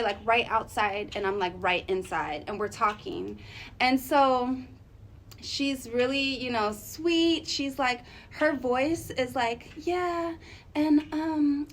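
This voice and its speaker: A woman telling a casual storytime on her vlog, chatty and animated with lots of fillers. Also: a little high, slight background noise, rough recording. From Arizona, USA. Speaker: vlogger.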